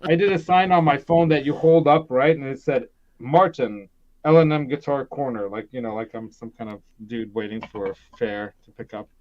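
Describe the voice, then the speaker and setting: A man's voice: mid-range voice, fairly even intonation, fairly quick, few pauses, muffled recording. A man hosting a casual gear live stream, rambling through a story with frequent laughs and restarts.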